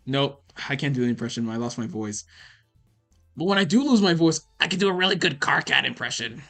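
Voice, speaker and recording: Young guy streaming, rambly and sweary, kinda bright voice, faint music behind. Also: medium pitch, sing-song, fairly quick, gravelly. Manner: rambling, swears, lots of fillers. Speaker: animator streaming a Q&A. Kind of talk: casual livestream chat.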